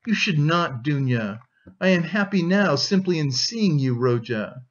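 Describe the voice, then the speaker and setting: A man's voice: fairly high pitch, expressive, unhurried. An anxious, loving middle-aged mother pleads in a raised, emotional voice, as a man reads her part. The audiobook recording sounds dull and lo-fi.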